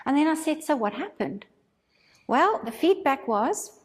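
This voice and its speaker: A woman teaching a spiritual course, telling a story in a casual, animated way and acting out her own thoughts. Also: high voice, a little slow, in a large hall.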